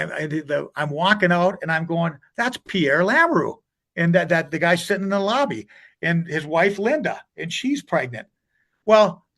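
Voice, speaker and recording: Gravelly older man telling coaching stories. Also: sits high, a bit bright. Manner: rambling, retells conversations with many restarts and "he goes". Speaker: hockey coach. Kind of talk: storytelling interview guest.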